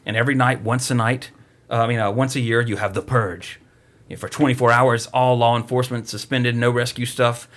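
A man's voice: mid-range voice, flat delivery, brisk, fairly bright tone. A man casually recapping a movie plot, rambling and profane, mocking it as he goes.

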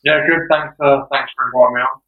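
A man from England, a guest footballer, talking hesitantly with many pauses and ums. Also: mid-range voice, steady tone, echoey room, distant mic, phone-quality sound. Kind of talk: casual interview talk.

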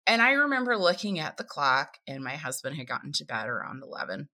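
A woman's voice: low voice, big pitch swings, a little fast, bright, forceful tone. A woman with an Appalachian accent, a podcast guest telling a personal story vividly and acting out her own inner voice.

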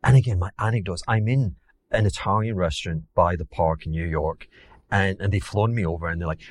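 A man with a Scottish accent tells war stories in an animated, theatrical way, acting out other people's lines and poking fun at himself. His voice rises and falls widely as he talks. The sound is dry and close to the mic. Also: low-pitched, fast, no echo. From Glasgow, Scotland. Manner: theatrical, acts out quotes, self-mocking. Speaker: podcast guest, former hedge fund manager. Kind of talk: animated anecdotal storytelling.

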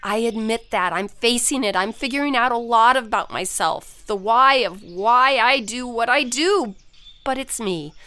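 A woman's voice: fairly high pitch, measured pace, pushed and bright. A breathless, rambling mother. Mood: earnest. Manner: rambling, eager, self-deprecating. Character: scattered, apologetic mother of two teen girls. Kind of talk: audio drama acting.

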